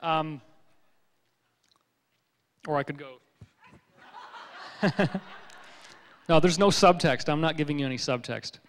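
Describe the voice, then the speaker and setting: A man giving a public lecture, telling stories in a joking, animated way. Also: on the high side, slow, pauses often, clean tone, long reverb tail.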